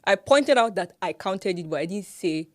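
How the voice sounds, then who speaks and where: A young Nigerian woman with a Nigerian accent, co-hosting a podcast in casual chat, animated and laughing often as she mimics pronunciations. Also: medium pitch, moderate pace. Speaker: podcast co-host.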